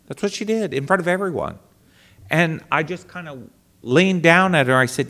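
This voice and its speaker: A man, a priest and guest speaker, telling personal anecdotes to an audience in an animated way. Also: a little high, moderate pace. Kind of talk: storytelling talk to an audience.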